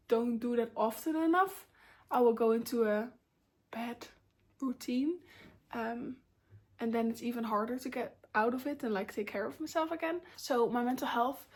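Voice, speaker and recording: A young woman with a fairly high voice chats openly to her camera, sharing a personal life update. She is candid and talkative, and her sentences are loose and full of ums and likes. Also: darkish tone. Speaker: vlogger.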